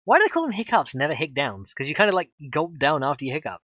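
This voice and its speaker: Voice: medium pitch, sing-song, fast, a bit bright, no room sound, muffled recording. A streamer, chatting casually while coding a game mod, giggly and rambling and swearing freely.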